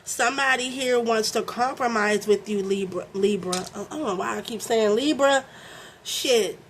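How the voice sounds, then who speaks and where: A young woman with a Baltimore accent gives a loose, talkative tarot reading. She keeps tagging her lines with "okay?" and drops curse words. Her voice sits a little high, with a faint noise floor under it. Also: moderate pace. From Baltimore, USA. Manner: chatty, frequent "okay?" and fillers, swears freely. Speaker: tarot reader. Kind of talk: casual tarot reading to camera.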